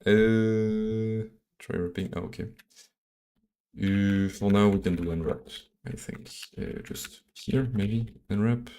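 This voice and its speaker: A man from Belgium with a French accent, live-coding on a stream and thinking aloud in a halting, mumbling way full of fillers and restarts. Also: fairly low pitch, animated, mellow.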